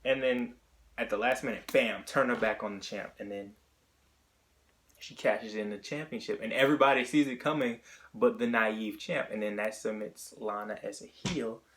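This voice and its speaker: A man's voice: lowish voice, fairly even intonation, moderate pace, fairly bright tone. A man talking through his opinions in a casual solo monologue, thinking aloud and often rephrasing mid-sentence. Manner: chatty and opinionated. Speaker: wrestling vlogger.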